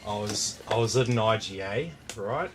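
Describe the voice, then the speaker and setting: A man's voice: lowish voice, steady tone, moderate pace, loud music behind the voice. An Australian man chatting casually while building a PC, rambling through a story with lots of fillers and the odd swear word. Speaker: PC builder hosting a live stream. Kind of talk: casual chat while working.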